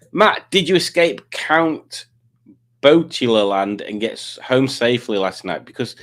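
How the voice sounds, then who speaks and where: A man's voice: mid-range voice, lively intonation, unhurried, a bit bright. A man hosting a live quiz stream, rambling casually and reading out viewer comments. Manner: rambling, reads out chat comments.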